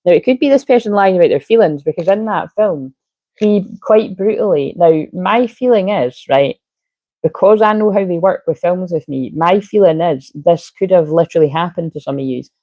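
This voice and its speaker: A woman's voice: on the low side, moderate pace, dark tone, no room sound. Rambling woman reading tarot. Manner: rambling, digressive, casually swearing. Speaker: tarot reader. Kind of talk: casual spoken tarot reading.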